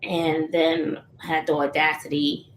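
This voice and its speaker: In a laid-back live chat, this Texan woman answers her viewers frankly and laughs a lot. Her voice sits low with little pitch movement and a slow pace, recorded with roomy echo and faint noise.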